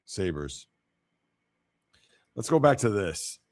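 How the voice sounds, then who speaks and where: A man's voice: lowish voice, sing-song, drawn-out words. A man hosting a casual sports livestream, giving blunt opinions and reacting to viewer comments. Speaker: sports show host.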